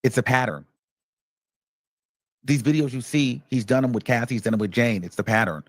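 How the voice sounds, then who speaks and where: A man's voice: medium pitch, brisk, dry recording. A man hosting reaction commentary, emphatic and repeating his points for stress. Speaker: commentary host.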